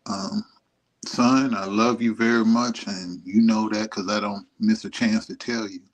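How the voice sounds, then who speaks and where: Middle-aged man, husky and low-pitched, tender and emotional, a bit rambling. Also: fairly even intonation, measured pace. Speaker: vlogger. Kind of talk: heartfelt message to his son. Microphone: streaming setup.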